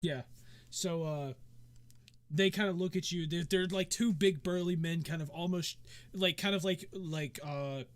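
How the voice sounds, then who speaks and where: A man's voice: a little high, a little slow. A man narrating as game master of a tabletop game, talking loosely, with many restarts along the way. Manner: loose, full of fillers and restarts.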